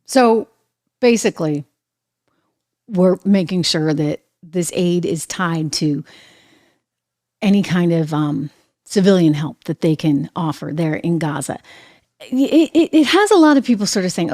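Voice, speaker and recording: A middle-aged woman hosting a political commentary show, talking in a sarcastic, animated way to her viewers. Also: on the low side, unhurried, long pauses. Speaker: host.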